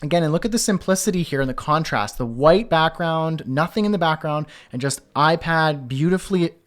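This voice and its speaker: A man's voice: a little high, lively intonation, fairly quick, a bit bright. A man teaching web design, talking casually through a screen-share walkthrough and thinking aloud with fillers and restarts.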